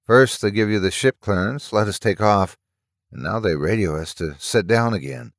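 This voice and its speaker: A worried young woman passenger speaks gravely and uneasily, as a male narrator voices her. The voice stays low and dry. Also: normal speed, dry recording, lightly acted. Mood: uneasy.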